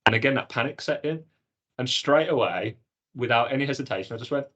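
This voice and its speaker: A man co-hosting a podcast, telling his own experience in an earnest, animated way. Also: mid-range voice, fast, highs cut off. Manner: earnest, animated storytelling with acted-out inner dialogue. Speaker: podcast co-host. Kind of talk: casual chat.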